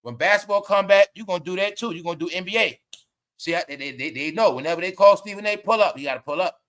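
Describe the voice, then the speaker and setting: Here a fast-talking man with a high, slightly bright voice hosts a laid-back commentary livestream. He swears, uses slang, and laughs a lot while telling his stories.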